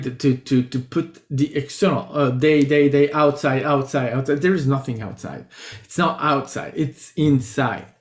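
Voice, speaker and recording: A man with an Italian accent, a spiritual teacher giving a halting, reflective casual monologue full of restarts. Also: medium pitch, darkish tone. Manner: halting, many restarts and fillers. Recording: roomy echo.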